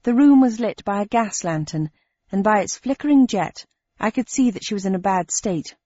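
A woman reads a novel aloud in a measured, wry tone. Her voice sits in a middle register. The recording is dry, with no room sound, and slightly dull and muffled. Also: mid-range voice, lively intonation, dark tone, dry recording. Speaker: audiobook narrator. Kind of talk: scripted narration.

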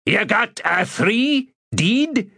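A man voicing a frightened whiskered tavern keeper who speaks slowly in a rasping rustic dialect. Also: high-pitched, sing-song, sharp tone, voice pushed up, heavily acted. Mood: fearful.

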